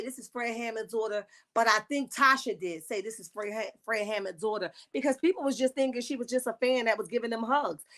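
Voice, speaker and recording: A woman, recapping a reality show on a casual livestream with sassy, animated asides. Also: on the high side.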